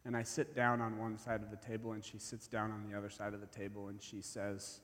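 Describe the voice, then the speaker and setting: A man's voice: on the low side, completely flat delivery, a little fast, slight background noise. Man preaching in a reverberant hall. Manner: intense, swings from hushed to loud. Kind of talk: personal story told in a sermon. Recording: long reverb of a large hall.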